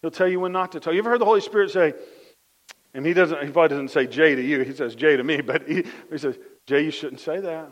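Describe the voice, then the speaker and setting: A pastor delivers a conversational sermon, full of lively everyday stories, repeating phrases and softening his voice for the key points. His pitch is fairly high and he talks fast. The audio is dull, with a long reverb tail.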